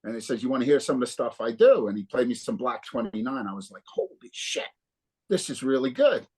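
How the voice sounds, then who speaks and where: Animated, profane storytelling man. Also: mid-range voice, fast, slightly rough. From New Jersey. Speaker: guest guitarist. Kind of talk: casual interview storytelling.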